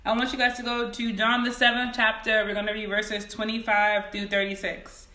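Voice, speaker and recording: A woman leading a livestreamed Sunday school lesson on her phone, greeting viewers by name and reading each question slowly, then repeating it. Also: fairly high pitch, monotone, bright, forceful tone, reverberant. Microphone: phone camera.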